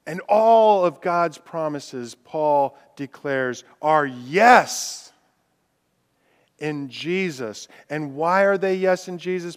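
A man's voice: a little high, expressive, clean tone. Man preaching in a reverberant hall. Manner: swings between loud declarations and hushed, drawn-out words; reads scripture aloud with rising intensity. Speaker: pastor. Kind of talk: sermon. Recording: long reverb from a large hall.

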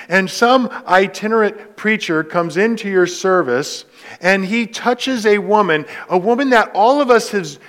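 Guy pastor giving a sermon, kinda high voice, really emphatic, asks the crowd stuff. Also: a bit bright. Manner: emphatic, rhetorical questions to the congregation.

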